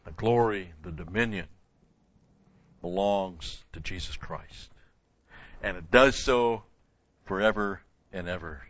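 Emphatic male Bible teacher, bright voice. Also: low voice, takes it slowly, long pauses, no room sound, dull audio. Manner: asks the class questions and answers them himself; stresses key words with emphatic repetition. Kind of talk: verse-by-verse Bible lesson.

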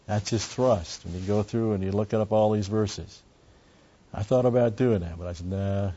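A man's voice: lowish voice, normal speed, warm tone. A man teaching a Bible study, explaining words closely and driving points home with emphatic repetition. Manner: emphatic, repeats key phrases. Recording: dull lo-fi recording.

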